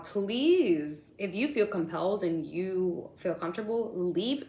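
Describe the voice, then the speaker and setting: A young woman with a fairly low voice, chatting through a tarot reading in an echoey room. She rambles excitedly, full of slang, fillers and restarts. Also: takes it slowly, few pauses. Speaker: tarot reader. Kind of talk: casual tarot reading monologue.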